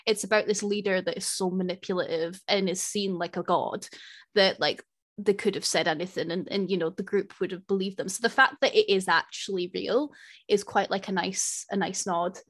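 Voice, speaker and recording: Chatty, quick woman. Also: medium pitch, fairly even intonation, a bit bright. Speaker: podcast co-host. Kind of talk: casual film-review chat.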